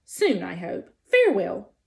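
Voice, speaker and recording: A woman's voice: mid-range voice, huge pitch swings, measured pace, creaky, a little mellow, voice pushed down, heavily acted. A woman voicing a formal, overly polite female robot who speaks very properly. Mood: formal, earnest. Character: polite, stiff female robot learning to be friendly.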